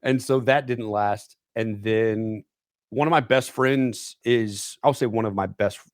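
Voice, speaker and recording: A man's voice: on the low side, measured pace, dry recording, studio quality. A young man guesting on a podcast, telling a rambling story and leaning on "like" and "dude". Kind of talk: casual storytelling chat. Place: podcast studio.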